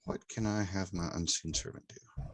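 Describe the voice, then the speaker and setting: A man playing a tabletop game, thinking aloud and asking quick rules questions. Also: sits low, fairly even intonation, no room sound. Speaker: player. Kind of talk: casual tabletop play.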